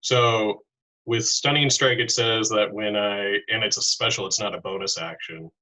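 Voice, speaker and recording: A man playing in a tabletop game, slowly reading out ability rules with hesitation. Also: on the low side, steady tone, pushed and bright, low-quality recording. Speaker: player.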